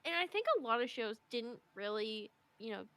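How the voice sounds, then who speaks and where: Bright-voiced young woman chatting earnestly. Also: on the high side, expressive. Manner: earnest, halting with fillers. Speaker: podcast co-host. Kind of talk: casual chat.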